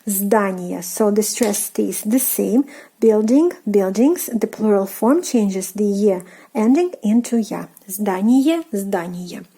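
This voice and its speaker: A woman with a Russian accent teaching an online language lesson, explaining casually with fillers and repeating words slowly for practice. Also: medium pitch, expressive, dark tone, slightly rough.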